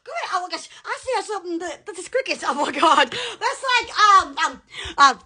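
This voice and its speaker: A woman's voice: extremely high pitch, lively intonation, normal speed, bright, forceful tone. A woman hosting a casual live stream on her phone, giggling and exclaiming constantly.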